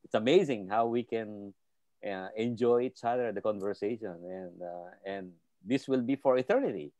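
A man's voice: on the low side, moderate pace, warm tone, dry recording. A man, a guest pastor, preaching encouragement earnestly over a remote call, with fervent emphasis and frequent restarts.

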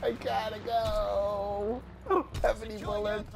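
A man commentating live on his own shooter match, excitable, exclaiming and laughing as he plays. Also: high-pitched, a little slow, vocal fry, music in the background. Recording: loud game gunfire behind the voice.

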